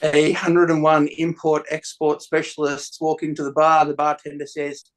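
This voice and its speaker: A man comedian tells improv jokes briskly and deadpan. His voice sits a little high for a man.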